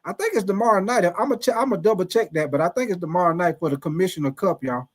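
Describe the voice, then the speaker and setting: Young streamer guy, high voice, laid-back slangy delivery, reads chat. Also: fast. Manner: laid-back, loose slang, laughs often. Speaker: live stream host. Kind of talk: casual live stream chat reading viewer comments.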